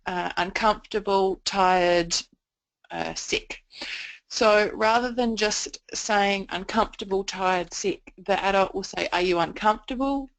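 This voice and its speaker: A woman presenter with a gravelly, slightly creaky edge to her voice talks through a training method at a middle pitch. She explains step by step, pausing often on "um" as she searches for words. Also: fairly bright tone, low-quality recording. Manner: explanatory, frequent um fillers. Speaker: communication trainer.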